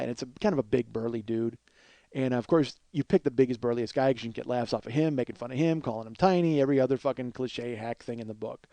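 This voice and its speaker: A man in his forties, a podcast host telling a comic story in a profane, animated way, often laughing, on a close podcast mic. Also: mid-range voice, no echo. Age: 40s. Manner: profane, animated, swears freely and breaks into laughter.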